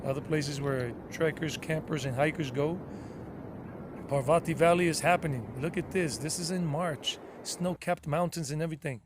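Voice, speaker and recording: A man's voice: a little high, moderate pace, noisy background. A man narrating his travel footage in a casual vlog, gushing and rambling and often repeating himself. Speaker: travel vlogger.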